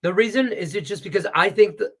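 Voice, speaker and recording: A high-voiced man rants fast on a casual Las Vegas sports betting show, sounding heated, animated and profane. His stuffed sinuses leave his voice congested.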